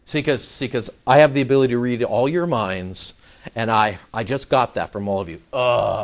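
A male pastor preaching in a church. He is animated, with sudden loud outbursts and mock back-and-forth dialogue. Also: medium pitch, moderate pace, muffled recording. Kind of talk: sermon.

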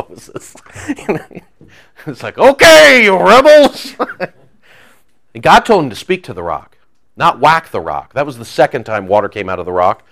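A male pastor preaching a sermon in an animated, joking way, acting out quoted voices. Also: lowish voice, normal speed.

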